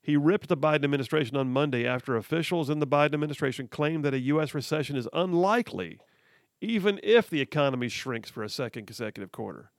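A man's voice: fairly high pitch, lively intonation, fast talker, dry recording, clean studio sound. A man hosting political talk radio, reading headlines aloud and mocking them with frequent laughs. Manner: sarcastic, laughs often, reads headlines aloud. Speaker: radio talk show host.

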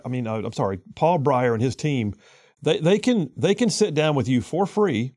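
A man's voice: fairly high pitch, a little mellow, dry recording. Man, radio talk host, folksy chatty delivery, dry close sound.

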